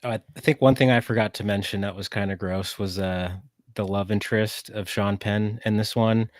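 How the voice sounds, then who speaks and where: A man's voice: lowish voice, fairly even intonation, moderate pace, no room sound, clean studio sound. A man appearing as a guest on a casual podcast chat, making wry, chuckling asides.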